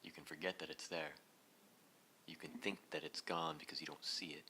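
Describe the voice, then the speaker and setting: A man giving an inspirational talk to a live audience, telling a story in a lively way and laughing often. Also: a bass voice, brisk, a little hiss or hum. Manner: animated, laughing as he acts out the story. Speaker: speaker leading a heart talk. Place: event hall.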